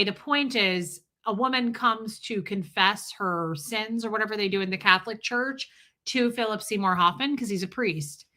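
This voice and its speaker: A woman in her forties hosting a casual livestream, chatting bluntly with frequent swearing and animated storytelling. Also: medium pitch. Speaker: livestream host.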